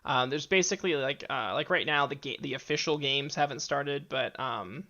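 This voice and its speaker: Man, game master, gravelly, bright, halting, lots of fillers, dull lo-fi audio. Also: medium pitch. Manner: halting, many fillers and restarts, laughs often. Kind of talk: narrating a tabletop game.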